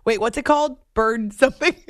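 A woman's voice: mid-range voice, a bit bright, dry recording. Female radio host from New Hampshire, casual and chatty, laughs easily, dry studio sound. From New Hampshire, USA. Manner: chatty, laughs often, reads listener messages. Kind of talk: casual late-night radio chat.

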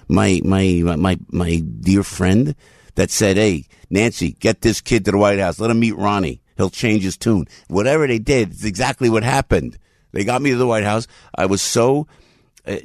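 A man, hosting morning talk radio in an animated, rambling storytelling way. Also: low voice, vocal fry, slightly rough, no echo, clean studio sound. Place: radio studio.

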